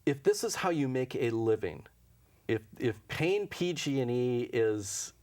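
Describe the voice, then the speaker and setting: An animated man with a mid-range, darkish voice takes his time speaking. As an intuition teacher interviewed in a local TV studio, he relates casual stories, dramatizes the lines people said, and chuckles often.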